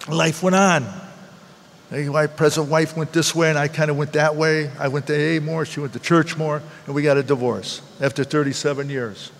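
A man's voice: on the high side, long reverb tail. An older man giving a heartfelt personal testimony at a recovery meeting, repeating phrases for emphasis.

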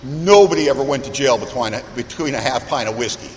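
A man sharing his recovery story with a meeting audience, candid and self-mocking, building dramatic lists with pauses. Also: mid-range voice. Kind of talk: personal recovery testimony to an audience. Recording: echoey hall with faint background noise.

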